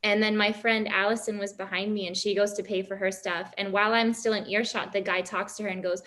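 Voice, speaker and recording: A woman's voice: mid-range voice, brisk. Chatty young woman telling stories. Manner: chatty, animated storyteller, many fillers. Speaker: guest athlete. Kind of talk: casual interview conversation.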